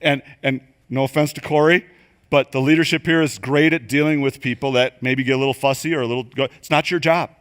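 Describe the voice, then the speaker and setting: An older man giving a church leadership training talk, animated and quick to act out the voices he quotes. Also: medium pitch. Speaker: leadership coach. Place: church venue.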